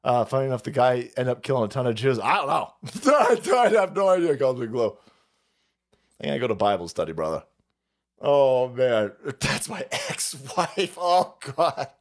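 Foul-mouthed man ranting, lively pitch. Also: normal speed. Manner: foul-mouthed, mocking, laughs often. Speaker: livestream host. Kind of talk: profane political rant on a livestream.

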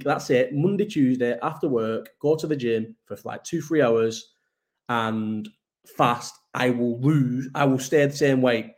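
A man in his early thirties hosts a casual live chat, his mid-pitched voice rambling from one thought to the next. He swears freely and pokes fun at himself as he talks. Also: a little mellow. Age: 30s. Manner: rambling, sweary, self-mocking. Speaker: podcast host.

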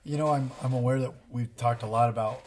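Male co-host, 30s, earnest explainer, average pitch, casual parenting chat. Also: fairly even intonation, fast, a little mellow, a little hiss or hum. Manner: earnest, explanatory, acts out quoted dialogue. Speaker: podcast co-host.

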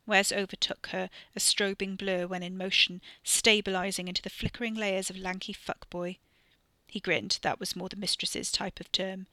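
A woman narrating a novel in a steady, even storytelling voice. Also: lowish voice, normal speed, dry recording. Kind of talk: audiobook fiction reading.

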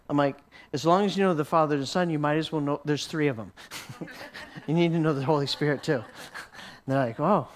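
A man teaching a sermon as a story, often repeating words as he restarts and chuckling along. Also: fairly high pitch. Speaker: Christian teacher.

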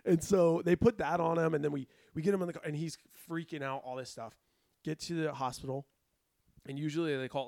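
A man with a mid-range voice tells a long story as a podcast guest in casual conversation, recorded with no room sound. He is animated, acting out the people he quotes in a raised voice.

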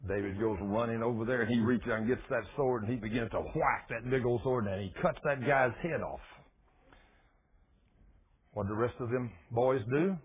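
A man preaching a sermon in a folksy, animated storytelling manner. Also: mid-range voice, moderate pace, a little hiss or hum. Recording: tinny phone-like radio broadcast.

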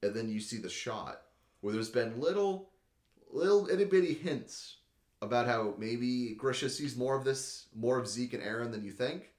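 A man chatting casually as a podcast host, rambling and excitable, leaning on "like" and swearing a lot. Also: mid-range voice, moderate pace. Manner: rambling and excitable, heavy use of "like", swears often. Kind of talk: casual chat recapping an anime episode. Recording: echoey room.

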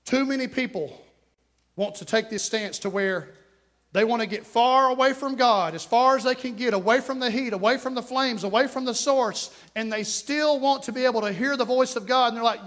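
In a church sanctuary, a high-voiced man preaches a lively sermon at a normal speed. He swings between shouted exhortation and quiet, hushed asides.

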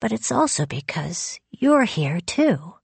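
Woman voicing a quiet, serious young boy. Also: medium pitch, slow pace, creaky, husky, dry recording, heavily acted. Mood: gentle, resigned. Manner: calm, earnest, softly matter-of-fact.

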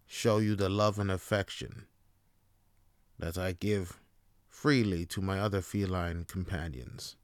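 A man voicing a pampered, haughty cat who speaks to humans in a slow, condescending drawl. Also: on the low side, smooth, dry recording, studio quality.

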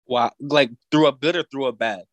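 A man's voice: medium pitch, moderate pace, dry recording, poor audio. A young man co-hosting a podcast in casual chat, joking along and stumbling through restarts. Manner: joking, stammering with many restarts. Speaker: podcast co-host.

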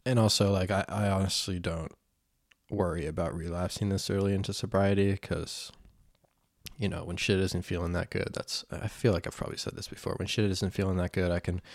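A young man with a deep, low voice rambles to himself in a casual vlog, recorded alone in his room. He pokes fun at himself and keeps stopping and restarting his sentences. The sound is close and dry, with no echo around him. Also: flat delivery, a little fast, gravelly. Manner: rambling, self-mocking, restarts often. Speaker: vlogger. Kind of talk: casual self-talk vlog.

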